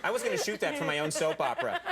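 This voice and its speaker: Man, talk show host, joking, lively up-and-down voice, studio audience laughing behind. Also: high voice, very fast, over a noisy crowd. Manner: joking, teasing, deadpan asides. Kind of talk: comic late-night interview. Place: television studio with live audience. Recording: broadcast TV audio with audience.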